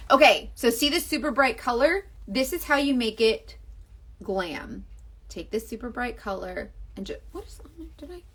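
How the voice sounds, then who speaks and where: A woman's voice: fairly high pitch, expressive, normal speed, a bit bright, slightly rough. A young Southern American woman with a Southern accent, chatting on a makeup livestream in a gushing, rambling way, full of fillers. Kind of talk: casual livestream chat and makeup demo.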